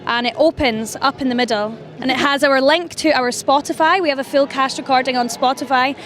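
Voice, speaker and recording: A woman's voice: high-pitched, brisk, a bit bright. A woman from a musical's cast, upbeat as she promotes the show in an outdoor street interview. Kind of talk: casual interview.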